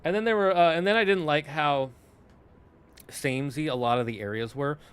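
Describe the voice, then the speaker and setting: A man's voice: on the high side, moderate pace, fairly bright tone, clean tone. A young man streaming, chatting casually and rambling, often correcting himself and breaking off into asides to chat.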